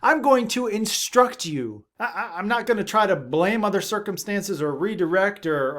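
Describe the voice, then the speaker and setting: Man, thirties, parenting host; earnest and emphatic, a touch higher voice, low asides. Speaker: parenting video host, father of seven. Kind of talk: direct-to-camera advice talk.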